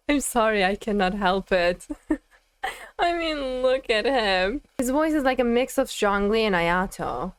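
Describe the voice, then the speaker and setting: A woman's voice: a little high, expressive, a little slow, clean tone, no echo. A young woman streaming a game and reacting, giggling, flustered and gushing in casual commentary.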